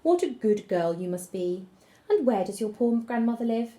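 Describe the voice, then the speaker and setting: A woman voicing a clever, hungry male wolf in a fairy tale, soft and sweet-talking as he fakes an old lady. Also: a little high, expressive, normal speed, close to an everyday voice. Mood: sly.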